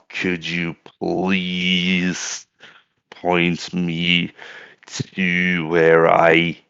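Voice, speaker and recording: A raw, raspy shapeshifter in a stolen form, as a man puts him on drawls out a threat at a crawling pace, deep and gravelly. The sound is dry and dull, like a cheap mic. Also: fairly bright tone, no echo, exaggerated voice. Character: irritable shapeshifted rogue in imposter form, menacing.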